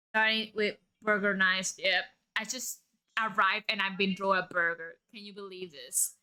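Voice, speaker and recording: Playful bright-voiced woman streamer. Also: medium pitch, little pitch movement, normal speed, clean tone. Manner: playful, teasing, laughs often. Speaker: live streamer. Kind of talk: casual live-stream chat.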